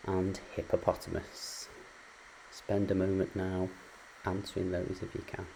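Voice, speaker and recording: A man's voice: low-pitched, completely flat delivery, measured pace, gravelly, darkish tone, slight background noise, low-quality recording. A man teaching phonics in a patient, explanatory way, with frequent ums and uhs. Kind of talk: recorded lecture on phonics.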